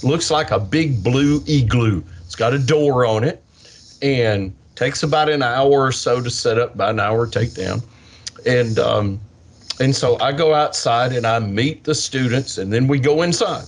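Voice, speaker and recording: Older man, science educator, animated storyteller, mimics kids. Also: medium pitch, unhurried. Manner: animated, acts out kids' voices. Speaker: science educator with a portable planetarium. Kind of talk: interview answer, storytelling.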